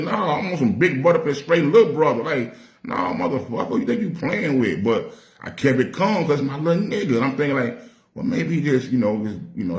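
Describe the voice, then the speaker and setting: A man's voice: medium pitch, echoey room. A man with a Nashville Southern accent, a rapper telling stories in a casual, streetwise and profane way, acting out the voices he quotes. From Nashville, Tennessee. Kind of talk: casual storytelling.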